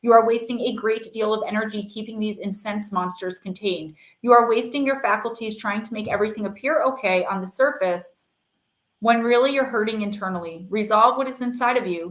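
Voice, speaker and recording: A woman's voice: medium pitch, brisk. A woman hosts a live oracle card reading, talking in a loose, reassuring way full of "like" and "um." Her voice has a noticeable roomy echo around it. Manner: chatty, filler-heavy, reassuring. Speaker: oracle card reader and live-stream host. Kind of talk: casual live-stream chat and card reading.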